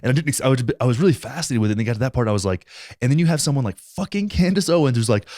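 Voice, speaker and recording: A man hosting a podcast, talking fast and in a blunt, heated way, swearing freely as he makes his point. His voice sits in a middling pitch. The sound is dry and close, with no room around it. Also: animated, dark tone, no room sound. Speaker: podcast host. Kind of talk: casual conversational podcast.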